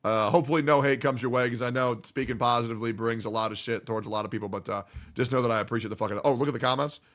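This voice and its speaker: A man streaming live, reacting to a video and reading viewer comments aloud in a joking, profane way that swings between loud hype and low mumbling. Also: fairly even intonation, racing. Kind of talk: casual livestream reaction chat.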